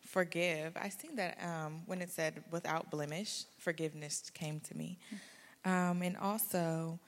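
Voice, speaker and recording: A young woman giving an earnest personal testimony on a church stage, breaking into small nervous laughs. Her voice sits low with a gravelly fry, and a long hall reverb trails behind it. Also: steady tone, normal speed. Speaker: church member sharing a testimony.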